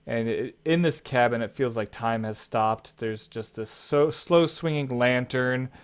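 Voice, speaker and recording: A male game master describes scenes for his players in an unhurried, halting way. His voice is smooth and resonant, with plenty of small fillers. The delivery stays even and plain. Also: medium pitch. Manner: relaxed, halting narration with fillers. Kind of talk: narrating a tabletop game.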